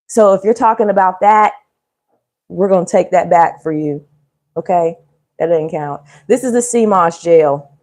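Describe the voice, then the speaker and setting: A woman's voice: fairly low pitch, measured pace, darkish tone. A woman chatting casually and joking with viewers during a cooking livestream. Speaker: livestream host.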